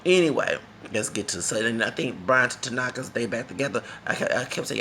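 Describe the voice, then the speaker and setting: A man's voice: mid-range voice, fairly quick, vocal fry, few pauses, bright, forceful tone, slight background noise. A man from Texas, talking in a rambling, emphatic casual monologue that repeats itself and slips into Spanish phrases. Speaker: vlogger.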